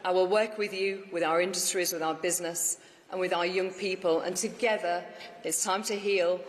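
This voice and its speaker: A woman's voice: on the low side, fairly even intonation, normal speed. A woman, a newly elected mayor, delivering an emphatic, rousing victory speech to an audience in a large hall. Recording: echoey hall with faint ambience.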